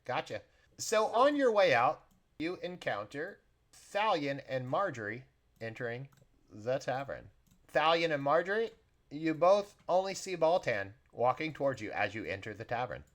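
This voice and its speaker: Rich: A man running a tabletop game, describing scenes in a plain narrating voice at an everyday pitch. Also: sing-song, moderate pace, fairly bright tone. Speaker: game master.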